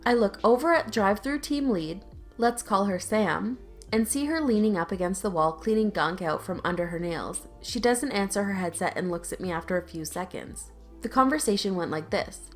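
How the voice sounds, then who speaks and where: Woman reading reddit stories out loud, chatty and a bit sarcastic, mid pitch, faint music under it. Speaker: YouTube story narrator. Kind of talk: reading online stories aloud with casual asides.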